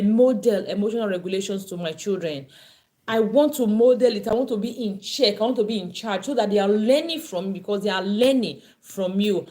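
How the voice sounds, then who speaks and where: A woman's voice: medium pitch, darkish tone. A woman parenting coach teaching an online class, earnest and emphatic, often repeating her points.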